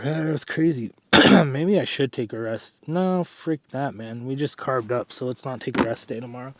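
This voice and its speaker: A man's voice: medium pitch, normal speed, no echo. Breathless rambling man vlogging. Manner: rambling, self-correcting, sighs and clears throat. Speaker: fitness vlogger. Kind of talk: casual vlog talk.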